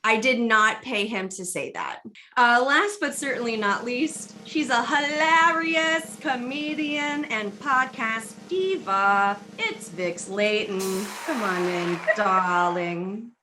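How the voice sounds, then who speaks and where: A woman's voice: fairly high pitch, animated, takes it slowly, bright, forceful tone, slight background noise. A woman hosting a comedic drinking chat show over a video call, teasing and bawdy with her guests. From United States. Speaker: host.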